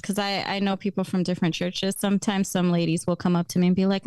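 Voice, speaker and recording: A young adult woman telling stories as a podcast guest in casual chat, lively and laughing often. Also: on the low side, fast talker, smooth, no echo.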